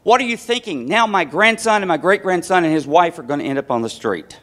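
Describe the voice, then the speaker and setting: An upset elderly mother scolds her grown son, distraught and incredulous, her voice lifted high, as a man puts her on mid-story. Each question climbs higher. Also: lively intonation, a little fast, a bit bright.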